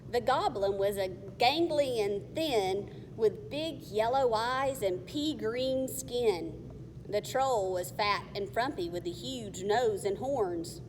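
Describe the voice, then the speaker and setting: A woman reading a children's novel aloud in a careful, measured way. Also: mid-range voice. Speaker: narrator. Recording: faint long reverb, faint hiss.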